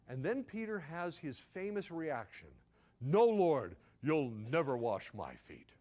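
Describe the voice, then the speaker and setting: A male pastor delivers a sermon as a dramatic story and speaks directly to his congregation now and then. His voice sits high, and his pitch swings with lively emphasis.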